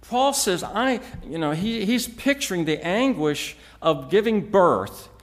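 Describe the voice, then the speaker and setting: Slow, lively-pitched male preacher. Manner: measured, emphatic teaching with frequent restarts. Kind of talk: expository sermon.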